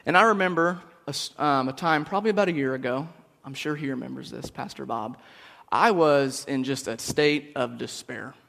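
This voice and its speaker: A man's voice: medium pitch, moderate pace, vocal fry, fairly bright tone. A man on a church staff giving a casual, storytelling sermon, joking with the congregation. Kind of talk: conversational sermon. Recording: long hall reverb.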